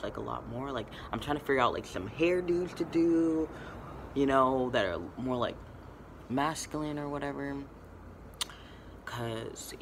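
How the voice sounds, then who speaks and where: A man's voice: medium pitch, gravelly, background noise. A young man vlogging casually to camera, rambling and laid-back, full of fillers and swearing.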